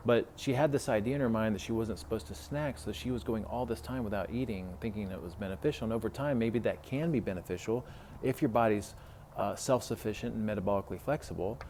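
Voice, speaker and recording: Man, lowish voice, health coach, casual podcast chat, lots of fillers, faint hiss behind. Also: fast, darkish tone. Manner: conversational, retelling client talks with many fillers.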